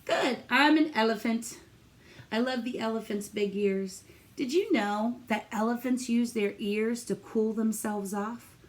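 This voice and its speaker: A woman teacher reading a picture book aloud to young children, animated and encouraging as she asks them questions. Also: a little high, unhurried.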